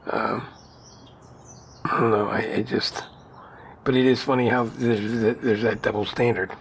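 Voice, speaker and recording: A man's voice: on the low side, level tone, measured pace, creaky, a little hiss or hum. A man co-hosting a podcast in casual, rambling conversation, often laughing. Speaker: podcast co-host.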